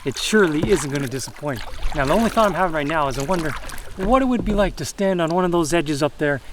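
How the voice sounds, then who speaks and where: A man's voice: fairly high pitch, lively intonation, quick pace, background noise. A man on a canoe trip, talking casually to his dog and narrating outdoors. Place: outdoors in a park.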